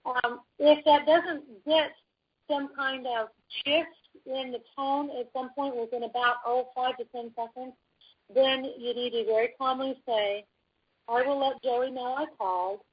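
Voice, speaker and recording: A woman talks through practical advice in a calm, instructive manner. Her voice sits a little high and comes out breathy and husky. The recording is dull and lo-fi. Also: measured pace. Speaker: podcast co-host. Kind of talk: advice talk. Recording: dull lo-fi audio.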